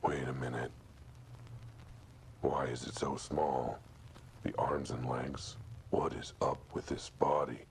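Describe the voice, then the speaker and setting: A man voicing a cynical male cat detective, delivering a hushed, half-whispered noir monologue in a video game. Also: a bass voice, flat delivery, takes it slowly, creaky, long pauses, a little hiss or hum, exaggerated voice. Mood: puzzled.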